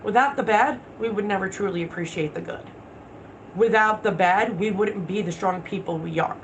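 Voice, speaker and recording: A woman's voice: medium pitch, normal speed, a little hiss or hum, low-quality recording. A woman hosting a casual livestream, talking bluntly with plenty of swearing and answering viewer comments. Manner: blunt, profane, talks back to viewer comments. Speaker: livestream host.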